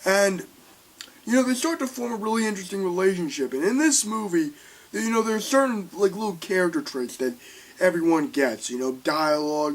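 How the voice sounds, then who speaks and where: A man giving a casual, excitable film review, rambling and swearing as he retells scenes. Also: fairly high pitch.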